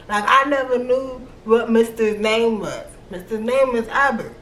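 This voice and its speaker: A woman's voice: mid-range voice, unhurried, fairly bright tone. A young American woman whose accent mixes Atlanta, Virginia and New York, chatting casually and slangily in a book review vlog. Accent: American, mix of Atlanta, Virginia and New York. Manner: chatty and slangy, voicing her own reactions. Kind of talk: casual chat. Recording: roomy echo with faint background noise.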